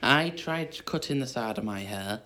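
A man's voice: mid-range voice, expressive, measured pace, sharp tone. A man hosting a casual podcast, upbeat as he reads out the questions and tells his own stories. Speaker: podcast host.

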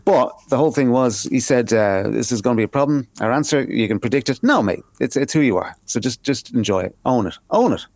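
A man co-hosting a podcast in a casual, animated, jokey way, often repeating words as he gets going. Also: mid-range voice, a little fast, few pauses, no echo, clean studio sound. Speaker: podcast co-host.

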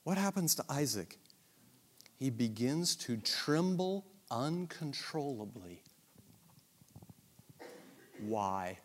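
A man's voice: medium pitch, big-room sound. A male Bible teacher reading scripture and adding commentary in a dramatic, storytelling way.

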